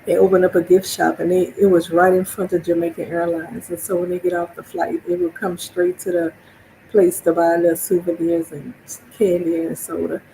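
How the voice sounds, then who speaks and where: Chatty woman from New Orleans, mellow voice. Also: on the low side, normal speed, creaky, slight background noise, rough recording. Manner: chatty, laughs often, acts out quoted reactions. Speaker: streamer. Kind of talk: casual monologue stream.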